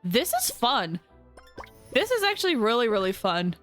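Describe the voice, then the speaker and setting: A young woman chats casually while streaming a video game, rambling and sprinkling in lots of fillers. Her voice sits a little high, with faint music underneath. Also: wildly swooping pitch, moderate pace, fairly bright tone. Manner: chatty, rambling, full of "like". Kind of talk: casual live-stream chat.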